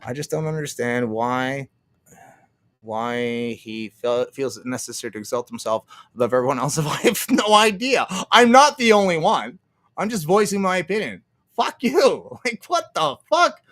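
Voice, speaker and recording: A man's voice: mid-range voice, animated, moderate pace, a bit bright. Profane, sarcastic male streamer ranting. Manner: profane, sarcastic, laughing often; reads out and answers chat. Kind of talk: ranting livestream commentary.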